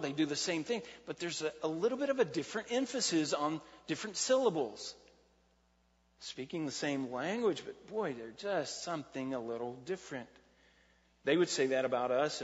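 A man's voice: fairly high pitch, a bit bright. A man preaching a sermon as pastor, talking in a conversational way, often repeating words as he reads and explains scripture. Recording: lo-fi with long reverb in a hall.

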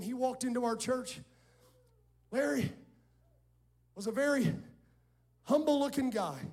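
A man preaching a sermon as pastor, telling stories, quoting people and calling on the congregation to respond. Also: extremely high pitch. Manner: animated storytelling, quoting others and calling on the congregation. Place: church sanctuary before a congregation.

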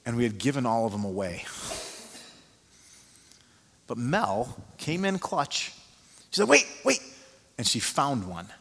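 A male pastor preaching a sermon as an animated storyteller who uses many fillers. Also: medium pitch, measured pace, long pauses. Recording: long reverb of a large hall.

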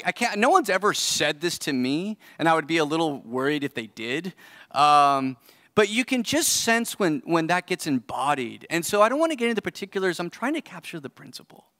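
A man's voice: sits high, a bit bright, dry recording, studio quality. Earnest pastor, a man in his forties. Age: 40s. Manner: earnest, conversational, thinking aloud. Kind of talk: sermon. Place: church service.

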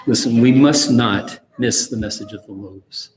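A pastor delivers a sermon earnestly and with emphasis, reading passages aloud in a medium-pitched, unhurried voice. The recording has the long reverb of an echoey hall.

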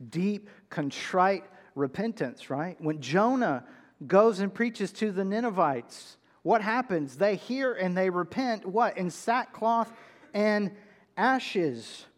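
A man delivers a sermon in a high voice, taking his time over each phrase. He stresses key words with emphatic, drawn-out shouts. His voice rings with a long reverb, as in a large hall. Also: expressive. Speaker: pastor.

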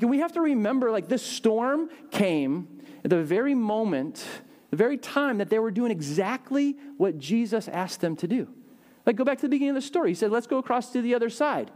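A young adult male pastor giving a casual, animated sermon, acting out voices with big jumps in pitch.

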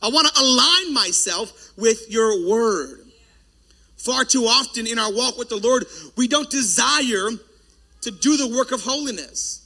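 Loud high-voiced male pastor preaching. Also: expressive, unhurried. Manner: loud, forceful preaching with joking asides to the congregation. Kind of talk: sermon.

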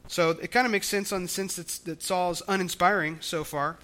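A man's voice: high-pitched, steady tone, normal speed, sharp tone. A man preaching a sermon, explaining scripture in a conversational way with frequent restarts. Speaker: pastor.

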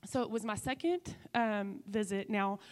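A woman's voice: medium pitch, normal speed. A woman giving a personal testimony in a church, speaking earnestly and conversationally with many fillers. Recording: long hall reverb.

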